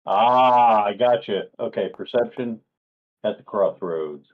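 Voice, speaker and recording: A man playing a tabletop game, cracking jokes and giving quick in-game orders. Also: on the low side. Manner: jokey, playful quips. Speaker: player. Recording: tinny phone-like call audio.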